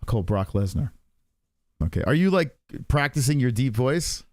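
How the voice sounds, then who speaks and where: A man in his forties hosting a live stream, rambling casually with heavy swearing and heartfelt pauses. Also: mid-range voice, lively intonation, a little mellow. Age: 40s. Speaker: stream host.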